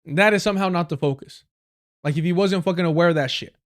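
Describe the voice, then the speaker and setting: This man hosts a live stream, reacting to clips with heated, sarcastic commentary full of profanity. He speaks quickly in a high voice.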